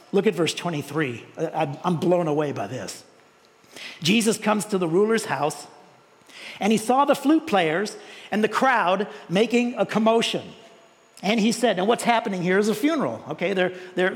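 A pastor preaching a sermon in a lively, conversational way, often repeating words and asking rhetorical questions. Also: male voice, high voice. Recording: long hall reverb.

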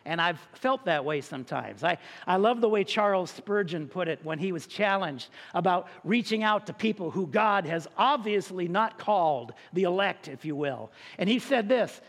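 Male pastor, mid-sermon, chatty and joking, calls out to people in the pews; high voice, long church-hall reverb. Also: expressive, moderate pace, few pauses. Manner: conversational and joking, with frequent restarts; addresses the congregation directly.

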